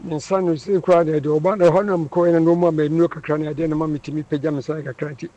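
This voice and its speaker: A man, describing his ailments haltingly and stammering on syllables. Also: on the high side, steady tone, mellow. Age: 80s. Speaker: elderly congregant seeking healing. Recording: background noise.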